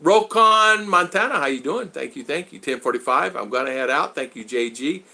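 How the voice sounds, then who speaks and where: A man chatting casually on a livestream from outdoors, rambling and animated as he greets viewers by name. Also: fairly high pitch, normal speed. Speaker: vlogger reading live chat. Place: outdoors in the Philippines.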